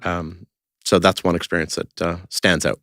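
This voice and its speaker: A man with a deep, low voice talks as a podcast guest. He tells his stories in a rambling way, full of fillers and restarts. The sound is dry and close-miked. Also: little pitch movement, normal speed, a bit bright, no echo. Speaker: interview guest, creator of a street-question video project. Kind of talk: casual podcast conversation.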